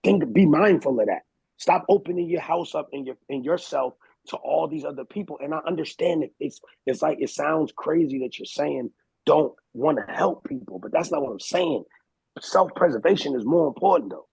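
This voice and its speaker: A man hosting a casual podcast talk, animated and slangy, telling stories and acting out what others said. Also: on the high side, moderate pace, creaky, slightly rough, dry recording, low-quality recording. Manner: animated, slangy, storytelling with quoted voices. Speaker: podcast host. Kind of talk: casual chat.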